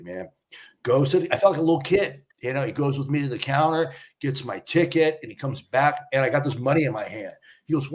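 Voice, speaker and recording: An older man tells a story as a podcast guest, slipping into the voices of the people in it. He speaks casually with emotion, and his pitch sits in a middle range. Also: animated, a little fast. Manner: emotional storyteller, acts out quoted dialogue. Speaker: podcast guest, retired fire battalion chief.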